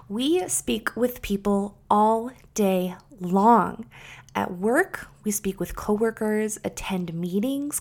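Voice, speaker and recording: A woman hosting a podcast, reading a scripted summary of an episode in a measured, instructive way. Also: mid-range voice, a little mellow. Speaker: podcast host.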